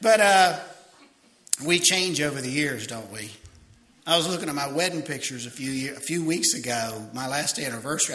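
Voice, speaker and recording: A man's voice: mid-range voice, a bit bright. An older man preaching a sermon in a folksy, humorous way, telling stories with many restarts. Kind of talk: sermon with storytelling.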